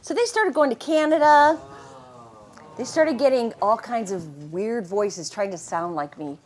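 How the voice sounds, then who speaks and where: A middle-aged woman, a voice actress, telling casual anecdotes in an animated way and laughing often. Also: fairly high pitch, unhurried. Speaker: voice actress and interview guest.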